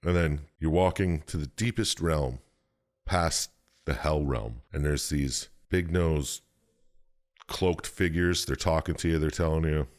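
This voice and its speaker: A man with a very low voice talks through a story in loose, rambling podcast chat. He swears freely and now and then jumps into squeaky, exaggerated voices for the characters. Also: a little slow. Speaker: podcast co-host. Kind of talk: casual chat, recapping a game plot.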